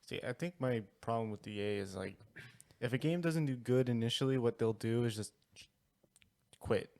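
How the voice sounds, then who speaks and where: A man co-hosting a casual gaming podcast, with a middle-pitched voice. He rambles, restarts and leans on fillers as he talks. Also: moderate pace, gravelly, warm tone. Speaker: podcast co-host. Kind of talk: casual chat.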